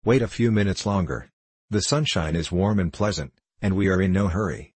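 A man with a low, husky voice reading the lines of a gruff, blunt female yellow hen in an audiobook story. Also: moderate pace, no room sound. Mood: matter-of-fact. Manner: gruff, blunt and self-assured.

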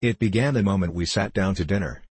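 Male audiobook narrator, deep and husky, measured storytelling. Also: darkish tone, dry recording. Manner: measured, first-person storytelling. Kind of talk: scripted narration of a novel.

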